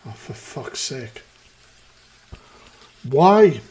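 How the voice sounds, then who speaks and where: Brief: man, mid-pitched, casual live-stream host, exasperated and sweary, close desk mic. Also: big pitch swings, drawn-out words, darkish tone, husky. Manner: exasperated, profane ranting.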